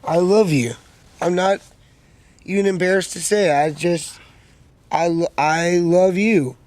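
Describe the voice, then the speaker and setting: A man's voice: high-pitched, a little slow, a little mellow, no room sound. A man gushing with over-the-top emphatic affection toward a friend.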